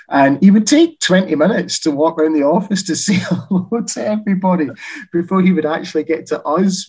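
A man speaks as an author in a relaxed interview, with a husky edge to his voice. He tells long anecdotes and laughs as he goes. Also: on the high side, low-quality recording. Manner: chatty storyteller, laughs while telling anecdotes. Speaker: author and guest. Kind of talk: casual interview chat.

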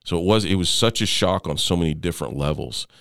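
Very deep gravelly-voiced man. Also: fairly bright tone, no room sound, clean studio sound. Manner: halting, with frequent restarts and fillers. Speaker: interview guest. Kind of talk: personal storytelling in conversation.

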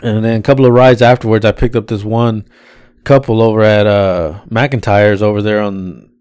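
A man with a fairly low, clean-toned voice at normal speed co-hosts a podcast, casually telling rideshare stories. He's animated, swears freely, and acts out his passengers' voices.

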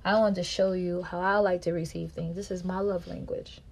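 A woman podcast host, telling a personal story in a monologue and acting out quarrels in a louder, higher voice. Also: steady tone, a little fast, gravelly, hardly any pauses, breathy edge. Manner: reenacts quarrels with raised pitch and volume.

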